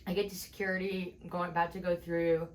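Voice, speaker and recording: A woman comedian telling a story in a podcast chat, animated, acting out each exchange as she goes. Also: lowish voice, fast, a little hiss or hum. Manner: animated, acts out every exchange with "I'm like".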